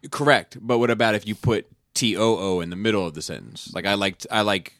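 Low bright-voiced easygoing man. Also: brisk, no echo, studio quality. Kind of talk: casual podcast chat.

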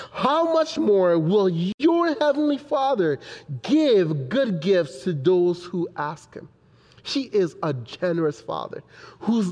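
A young man preaching a sermon in an animated way, acting out his children's voices. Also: high-pitched, long reverb tail. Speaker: pastor.

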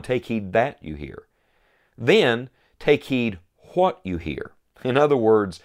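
A man preaching a sermon, earnest and emphatic, reading scripture aloud and slowing down to stress key lines. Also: mid-range voice. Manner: earnest, emphatic, quotes scripture in old wording; slows for emphasis, rising repeated phrases.

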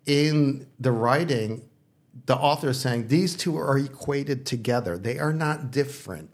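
A man's voice: mid-range voice, a little slow. A male pastor in casual discussion, thinking aloud with restarts and checking in with "okay?", sometimes teasing. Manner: playful, teasing. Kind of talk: casual discussion on faith and philosophy.

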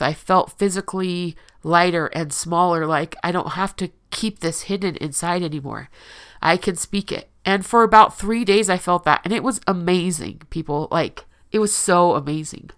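A woman's voice: lowish voice, a bit bright, clean tone. A woman speaking earnestly in a confessional personal monologue, emotional and often restarting her sentences.

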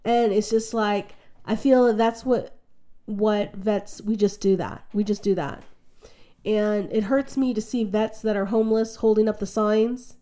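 A woman telling stories in a lively, chatty way, acting out what people said. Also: mid-range voice, a little slow. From United States. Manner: animated, chatty, acts out quotes in her story. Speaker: guest. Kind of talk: casual conversational storytelling.

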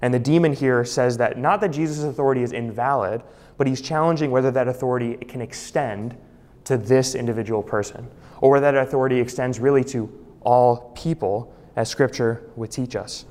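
A male pastor preaches with emphasis and lands on key phrases by repeating them. His voice sits at an ordinary middle pitch. It rings out with the long reverb of a large hall. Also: a little fast, darkish tone. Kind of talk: sermon.

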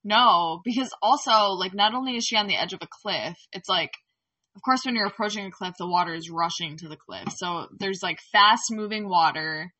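A woman co-hosting a podcast, chiming in and retelling the story with animated quoted voices. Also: medium pitch, normal speed, no echo, far from the mic, muffled recording. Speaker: podcast co-host. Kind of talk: casual chat, storytelling.

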